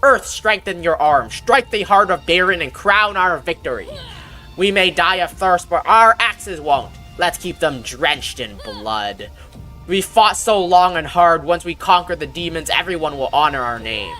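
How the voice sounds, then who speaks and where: A woman reading out a stern female orc warrior's lines in a plain, measured way, with little change from her own voice. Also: fairly low pitch, animated, pushed and bright, soft background music. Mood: rousing.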